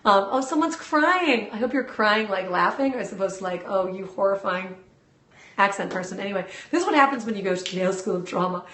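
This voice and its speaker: A woman's voice: mid-range voice, lively intonation, fast, hardly any pauses, fairly bright tone, echoey room. Bubbly woman chatting on a live stream. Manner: bubbly, enthusiastic, chatty with viewers. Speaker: live-stream host and video coach. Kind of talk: casual live-stream chat. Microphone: phone.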